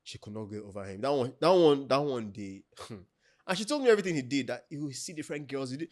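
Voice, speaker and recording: A man in his thirties with a Nigerian accent, a podcast co-host telling stories in a lively, laughing way. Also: medium pitch, quick pace, no room sound, clean studio sound. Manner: animated, laughs often, acts out quotes. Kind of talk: casual storytelling chat.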